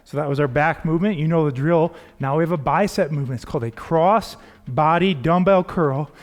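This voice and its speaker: A man's voice: a little high, brisk. A man leading a home dumbbell workout as fitness coach, calling out cues and counting reps in an encouraging way.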